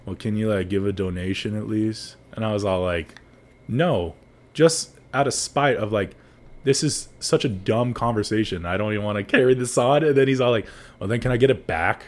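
A man's voice: on the low side, a little fast. A young man telling a story in casual chat, rambling with lots of likes and restarts, laughing often.

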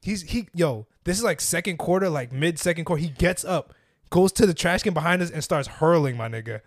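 A man's voice: fairly high pitch, expressive, a little fast, no echo. Young man, dry close sound, laughing storyteller. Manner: laughs often, slangy, quotes people. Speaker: game scorekeeper. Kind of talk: casual storytelling chat.

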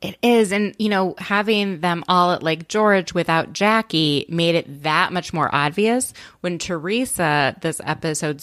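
A woman with a low voice co-hosting a podcast in casual chat. She talks in a thoughtful, meandering way and often restarts her sentences. The recording is close and dry. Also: a little slow, hardly any pauses, fairly bright tone, no room sound. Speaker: podcast co-host.

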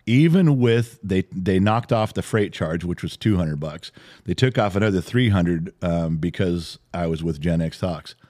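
A middle-aged man co-hosting a podcast, telling a story in casual chat, animated and swearing freely. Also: low-pitched, a little slow. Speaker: podcast co-host, father.

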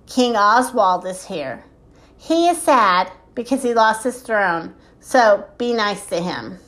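A woman's voice: medium pitch, lively intonation, slow, a bit bright. A woman voicing a bossy male hotel cook who gives instructions and warnings in a storybook. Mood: instructing.

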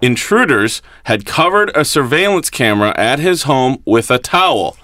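A man's voice: mid-range voice, animated, normal speed, bright, forceful tone, no echo, clean studio sound. A man co-host reading listener-sent news stories aloud on a comedy podcast.

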